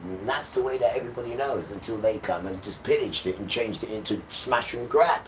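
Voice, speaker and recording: A man hosting a livestream and talking informally about scripture, rambling and swinging between quiet mutters and loud outbursts. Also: fairly low pitch, fairly quick. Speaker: livestream host. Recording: distant mic with steady background noise.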